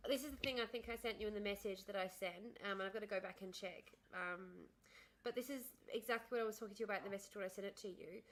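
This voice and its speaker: A woman hosting a livestream who talks in long, rambling stories. She chats casually. Her voice sits at a middling pitch. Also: racing, fairly bright tone, rough recording. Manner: rambling, chatty storytelling. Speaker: livestream host. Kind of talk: casual chat.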